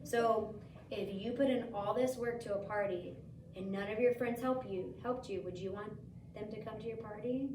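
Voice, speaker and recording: A woman teacher reads a picture book aloud to a child in a school room, using lively voices for the story and gently asking questions. She speaks mid-range at a moderate pace; the far mic sounds echoey and carries a little hiss or hum.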